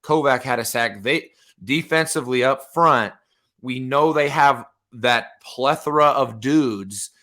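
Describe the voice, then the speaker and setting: A man co-hosting a podcast, giving an excited, casual game-by-game breakdown in sports chat. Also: medium pitch, unhurried. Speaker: podcast co-host.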